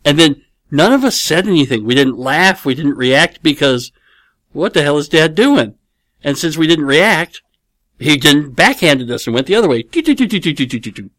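A man's voice: on the high side, expressive, moderate pace, a bit bright, no room sound, clean studio sound. A middle-aged man hosting a casual home podcast, answering listener questions in a rambling, playful way and often correcting himself mid-sentence. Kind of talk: casual chat. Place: at home with his kids nearby.

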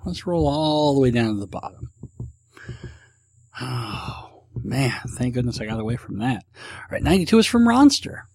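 A man's voice: mid-range voice, sing-song, normal speed, pauses often, darkish tone, no echo. A man hosting a casual podcast, rambling and self-deprecating as he reads listener questions. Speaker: podcast host. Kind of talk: casual solo podcast chat.

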